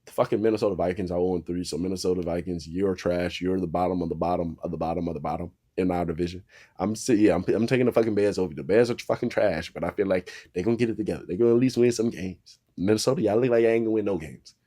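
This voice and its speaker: A young man with a low, deep voice and a warm, mellow tone talks football picks. He is casual and profane, swears freely, and trash-talks the teams as he goes. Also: fast talker. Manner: profane, animated, trash-talking. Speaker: sports talk host. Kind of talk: casual sports talk.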